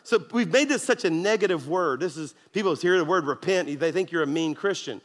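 A male pastor delivers an emphatic sermon, urging the congregation to answer him back. His voice sits high for a man. The sound rings with the long reverb of a large church hall. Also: brisk. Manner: preachy, emphatic, call-and-response to congregation.

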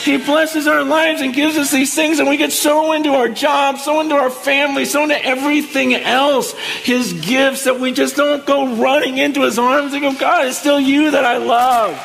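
A man preaching a sermon in an excitable, conversational storytelling way. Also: very high voice, normal speed, vocal fry, hardly any pauses, in a large hall. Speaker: pastor.

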